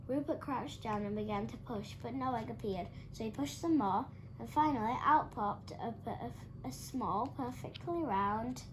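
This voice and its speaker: A woman reading a children's picture book aloud, lively and animated, giving the characters their own voices. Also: on the high side, measured pace, hardly any pauses, slight background noise, low-quality recording. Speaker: storybook reader.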